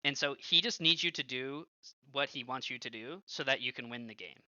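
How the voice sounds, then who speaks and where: Bright-voiced young man telling stories. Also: mid-range voice, fairly quick, dry recording. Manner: animated storytelling, heavy use of filler like and swearing. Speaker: streamer and former pro gamer. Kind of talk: casual stream commentary. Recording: dull lo-fi, dry close sound.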